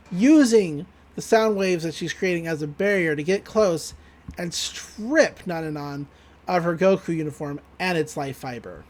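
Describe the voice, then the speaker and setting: Casual, profane podcast co-host; recaps scenes, acts out the characters' lines. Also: medium pitch. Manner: retells scenes, quoting characters in lively voices; loose and profane, laughing often.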